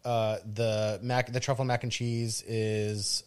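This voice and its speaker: A man's voice: fairly low pitch, level tone, slow, clear, resonant tone. Joking man podcast co-host. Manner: joking, teasing banter. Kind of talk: casual chat.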